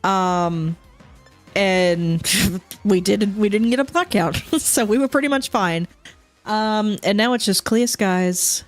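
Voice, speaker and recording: A woman's voice: mid-range voice, takes it slowly, soft background music. A woman streamer chatting casually while playing a game at home, rambling, swearing often and laughing a lot.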